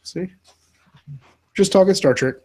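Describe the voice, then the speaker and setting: A man with a North Carolina Southern accent hosting a casual live reaction chat, excitable and laughing often, tripping over his words. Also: high-pitched, unhurried, poor audio. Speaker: host.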